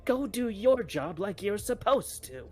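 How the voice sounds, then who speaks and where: A man's voice: high-pitched, big pitch swings, unhurried, darkish tone, soft background music, pitched above the performer's own voice, heavily acted. A man voicing a spiteful old female sea hag who talks down to others. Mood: contemptuous.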